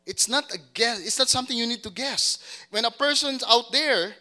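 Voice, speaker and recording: Bright-voiced man preaching a sermon. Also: very high voice, normal speed. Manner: repeats words and restarts, asks congregation to confirm. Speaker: pastor.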